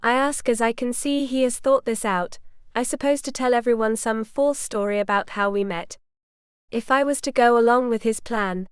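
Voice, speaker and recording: A woman narrating a romance audiobook in the first person, with light, steady storytelling. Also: on the high side, normal speed, clean tone, no echo, clean studio sound.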